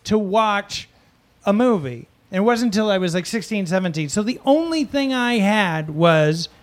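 A man from Wisconsin, a podcast guest, telling rambling, animated stories in casual chat and laughing easily. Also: high voice, normal speed. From Wisconsin, USA.

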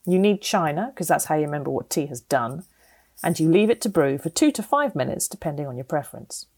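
A middle-aged woman with a British accent reads her own opinion column aloud. Her voice sits a little low, and her delivery is wry, sardonic and firmly opinionated. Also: very animated, fairly quick, a little mellow. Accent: British English. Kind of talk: scripted reading of an opinion column.

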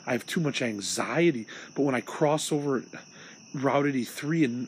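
A young man from Illinois rants alone into a podcast, rambling and swearing as he vents his frustrations. His voice sits at an ordinary pitch. Faint crickets chirp behind him. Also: slight background noise, low-quality recording. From Illinois, USA. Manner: rambling, profane, agitated venting. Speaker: podcast host. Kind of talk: solo rant podcast.

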